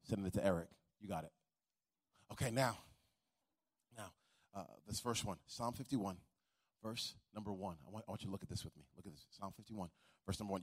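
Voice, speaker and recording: A pastor delivering a sermon, repeating key phrases and asking the congregation to answer back. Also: male voice, fairly low pitch, a little fast, long pauses, slightly rough. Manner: emphatic preaching with varied pace.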